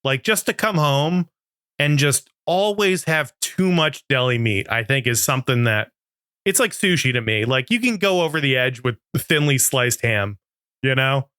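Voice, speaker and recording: A man's voice: mid-range voice, animated, moderate pace, bright, forceful tone, smooth, no echo, clean studio sound. A man co-hosting a podcast, chatting casually and joking with frequent laughs. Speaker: podcast co-host. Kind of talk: casual comedic chat.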